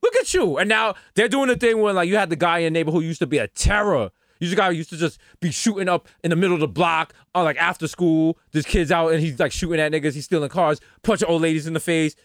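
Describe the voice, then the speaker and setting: A man from the United States chatting casually as a podcast co-host, telling animated stories and slipping into comic voice impressions. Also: a little high, fast talker, few pauses, no echo, clean studio sound. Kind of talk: casual chat.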